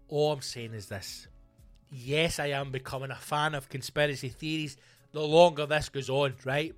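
A man's voice: a little high, sharp tone, no room sound. A young man, hosting a podcast, ranting in a sardonic, sweary way and putting on voices to mock people. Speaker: podcast host. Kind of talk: profane rant.

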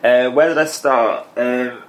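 A man from Bolton, England, a playwright answering interview questions in a relaxed, hesitant, wry way. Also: medium pitch, slow pace, rough recording. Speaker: playwright guest.

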